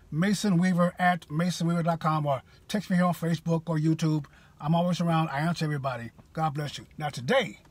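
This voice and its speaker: A man's voice: high voice, husky. A man giving a rousing, preachy political monologue straight to his viewers, full of rhetorical questions. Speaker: political commentator. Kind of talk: direct-to-camera political monologue.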